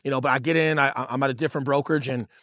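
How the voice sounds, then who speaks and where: A man's voice: mid-range voice, fairly even intonation, very fast, a bit bright, no room sound, studio quality. A man in his thirties co-hosting a podcast, telling stories in a casual, profane way, calling listeners bro and dude. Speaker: podcast co-host and real estate agent. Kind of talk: casual storytelling chat.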